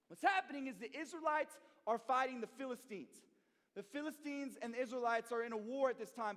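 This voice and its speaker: Young man, youth pastor, slangy energetic preaching, high voice, long hall reverb. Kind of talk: sermon to youth.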